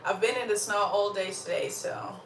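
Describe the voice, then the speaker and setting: A woman's voice: medium pitch, moderate pace, recorded from a distance. A young woman from Uganda chatting casually with viewers on a livestream, laughing often and a little under the weather with a slight cough. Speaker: livestream host. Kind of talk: casual live chat with viewers. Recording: roomy sound from off the mic, faint background noise.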